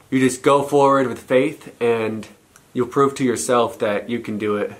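A man's voice: medium pitch, steady tone, normal speed. A man hosting a faith vlog, speaking in an upbeat, sincere, encouraging way. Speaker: channel host. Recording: faint music behind.

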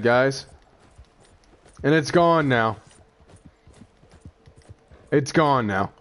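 A young man giving casual gameplay commentary, excitable and quick to rant when things go wrong. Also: medium pitch. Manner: excitable, frequent exclamations, frustrated rants. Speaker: gaming YouTuber.

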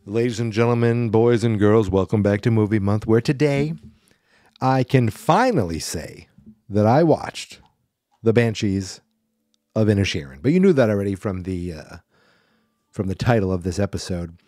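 A man's voice: fairly low pitch, moderate pace, warm tone, no room sound, studio quality. A man hosting a podcast alone, talking casually in a rambling, self-deprecating way with plenty of ums. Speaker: podcast host.

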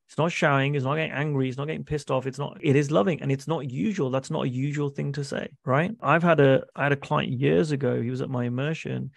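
A man's voice: medium pitch, vocal fry, darkish tone, no room sound, studio quality. A man speaking as a business coach in a masterclass, earnest, acting out dialogue and often checking in with "right?". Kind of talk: masterclass talk on a video call.

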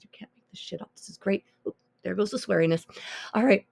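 A woman's voice: fairly low pitch, normal speed, gravelly, breathy edge, no room sound. A woman music teacher talking casually through teaching tools on a podcast, thinking aloud with plenty of ums and easily amused.

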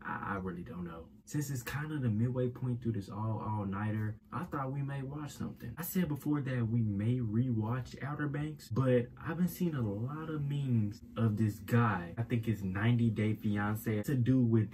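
A young man vlogging in a loud, playful, slang-filled way, dropping to a hushed mumble late at night. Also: medium pitch, normal speed, few pauses, a little hiss or hum. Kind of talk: hyped casual vlog. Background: background music.

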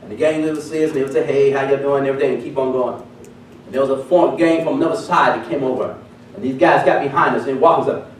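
A man's voice: mid-range voice, fast talker, slight background noise. A man preaching a testimony sermon, telling his story with animation and acting out the voices of the people in it. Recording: echoey hall, recorded from a distance.

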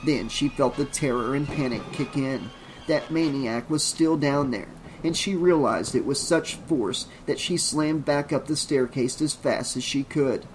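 A man narrating an audiobook in a dramatic way, slowing down on grim details. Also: medium pitch, soft background music, low-quality recording.

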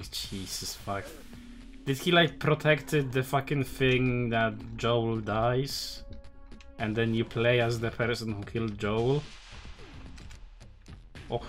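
A man's voice: medium pitch, a bit bright. A man streaming a game live, chatting casually and rambling with lots of fillers and swearing. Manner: profane, rambling, with many fillers.

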